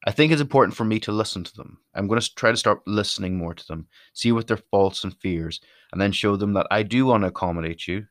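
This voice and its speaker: A man's voice: fairly low pitch, fast talker, dry recording, studio quality. A chatty, self-deprecating Irish man rambling through his opinions in a casual monologue. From Ireland.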